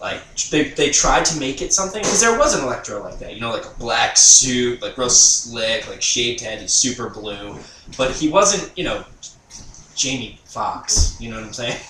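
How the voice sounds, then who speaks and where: A man co-hosting a casual podcast chat, animated, restarting sentences and acting out quotes. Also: mid-range voice, normal speed. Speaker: podcast co-host. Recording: echoey room, distant mic, audible hiss.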